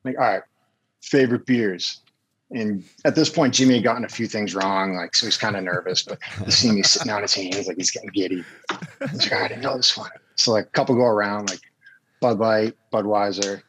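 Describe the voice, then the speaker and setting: A man with a lowish voice tells a story in an easygoing, rambling way. He fills his pauses with casual asides and fillers. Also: background noise. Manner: relaxed anecdotal storyteller.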